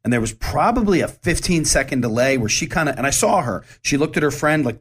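A man's voice: fairly high pitch, lively intonation, quick pace, hardly any pauses, a bit bright. A man, hosting his own show in a candid, rambling monologue full of restarts. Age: 40s. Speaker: show host. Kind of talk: casual monologue.

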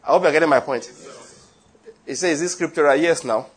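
A man's voice: on the high side, a little fast, slightly rough. A man preaching, leading his congregation in emphatic, repeated call-and-response declarations. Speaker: pastor. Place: church with congregation. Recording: congregation audible behind.

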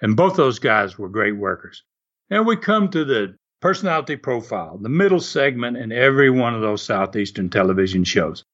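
An older man, a former wrestler telling animated stories in an interview and laughing often. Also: medium pitch, a little fast, highs cut off. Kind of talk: storytelling interview.

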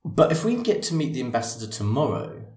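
A man's voice: medium pitch, sing-song, fast, a little mellow, a little hiss or hum. A man co-hosting a podcast in casual chat, jokey and playful, laughing a lot. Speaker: podcast co-host. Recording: echoey room.

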